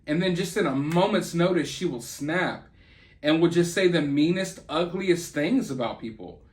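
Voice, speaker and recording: A man with a notably high voice rants through celebrity gossip commentary. He sounds indignant and sarcastic, piling on jabs as he goes. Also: expressive, moderate pace. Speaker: channel host.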